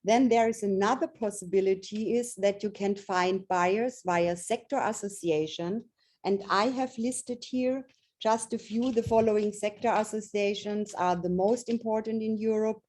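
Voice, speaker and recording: A woman's voice: medium pitch, steady tone, moderate pace, a little mellow. Earnest German-native woman presenting advice. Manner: earnest, repeats and restarts phrases while explaining. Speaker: trade fair expert. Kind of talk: webinar presentation.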